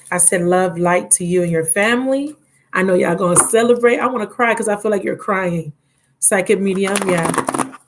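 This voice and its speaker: A woman's voice: on the low side, noisy background. A woman giving a live tarot reading, chatty and affectionate, reading card texts aloud. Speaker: tarot reader.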